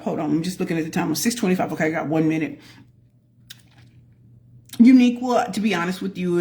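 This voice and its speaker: A woman hosting a casual live stream as a pitch coach, greeting viewers by name and calling out to the audience as y'all. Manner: folksy, addresses the audience as y'all.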